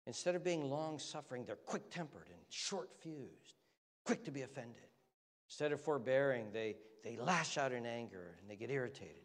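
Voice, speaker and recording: A male pastor delivers an earnest sermon in a mid-pitched voice. He swells loud on key phrases, then sinks low and quiet. The sound carries a long hall reverb, as in a church sanctuary. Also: expressive, normal speed.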